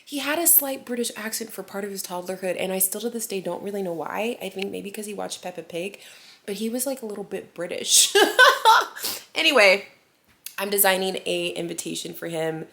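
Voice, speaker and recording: A woman in her thirties talks straight to camera as a mom vlogger. Her chat rambles, is full of little fillers, and slips into giggles, at an ordinary middle pitch. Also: brisk, vocal fry, fairly bright tone.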